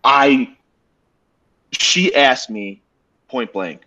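Lively low-voiced man telling a story. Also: moderate pace. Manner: animated, swears casually, acts out dialogue. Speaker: podcast co-host. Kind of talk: casual storytelling chat. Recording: dull lo-fi podcast audio.

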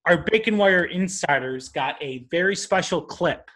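A man's voice: sits high, animated, measured pace, sharp tone. A man hosting a casual podcast, talking loosely with lots of fillers. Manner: loose, rambling, filler-heavy. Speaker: podcast host. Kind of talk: casual chat.

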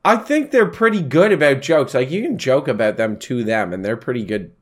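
A man's voice: medium pitch, animated, a little fast. Young man in laughing podcast banter. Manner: laughs often, jokey banter. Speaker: podcast co-host. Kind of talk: casual chat.

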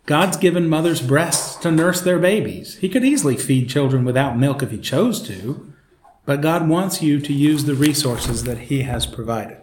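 A man leads a Bible study with a slightly high, conversational voice, reading, praying and teaching. His voice echoes around the room. A faint hiss runs underneath. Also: moderate pace, a little mellow. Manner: conversational, with fillers. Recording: roomy echo, faint noise.

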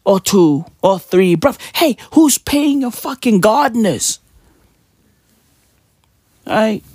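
A husky-voiced man hosts a comedic podcast, delivering a profane, mocking rant at an unhurried pace. His pitch swings wildly, firing off rhetorical questions and leaping into high yelps. The sound is dry and close. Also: expressive, darkish tone, no echo. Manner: often jumps up into high, yelping exclamations. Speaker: podcast host.

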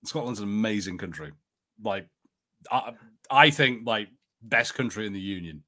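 A man co-hosting a podcast in casual chat, easygoing and quick to laugh. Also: lowish voice, lively intonation, bright, forceful tone. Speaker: podcast co-host.

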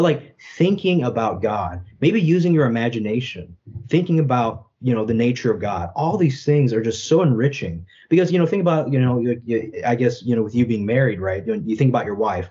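With lively intonation and a fairly quick pace, a young man who is a Catholic apologist speaks earnestly in a thoughtful interview, often saying "right?" and "you know." His medium-pitched voice is warm, though the sound is lo-fi.

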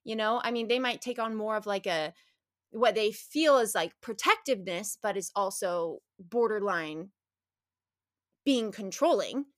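A woman speaking as an interview guest, animated and candid, often restarting sentences and laughing as she talks. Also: mid-range voice, measured pace, dry recording, clean studio sound.

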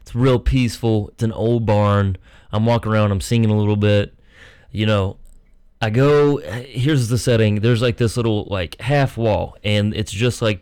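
A young man on a podcast, telling a crude comic story and swinging his voice up and down when he acts out what people said. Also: clean tone. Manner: animated, swings his pitch when acting out quotes. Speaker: podcast co-host.

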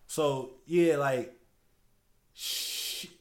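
A man's voice: on the high side, very slow. A young man co-hosting a casual podcast, talking loose and profane, trailing off and restarting, breaking into laughs. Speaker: podcast co-host.

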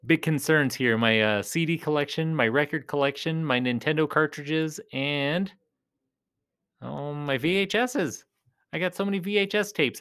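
Man, clown-persona vlog host, slightly high voice, rambling, chatty, casual. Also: fairly bright tone, clean tone. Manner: chatty, rambling, talks to viewers as "you guys". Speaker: clown character host of a collecting show.

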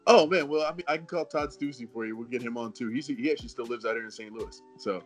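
A man's voice: mid-range voice, fast, over music. A man in his forties, a former football player, chatting as a podcast guest and telling stories with frequent chuckles. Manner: relaxed storyteller, chuckling often. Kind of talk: casual podcast chat.

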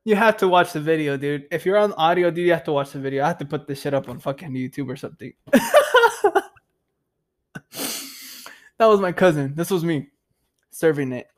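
This young man's voice is fairly high and fast as he hosts a podcast, telling a meandering, profane story stuffed with fillers and "dude."

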